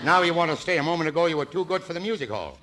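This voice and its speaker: An older man in his sixties hosting a 1940s radio comedy show, trading scripted jokes and singing with slow, drawn-out theatrical phrasing. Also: fairly high pitch, lively intonation, sharp tone. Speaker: host and singer. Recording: old radio broadcast with orchestra.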